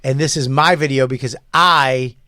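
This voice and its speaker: A man's voice: mid-range voice, fairly even intonation, moderate pace, sharp tone, no echo, clean studio sound. A man in casual podcast chat who jokes, teases and laughs often. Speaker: podcast co-host.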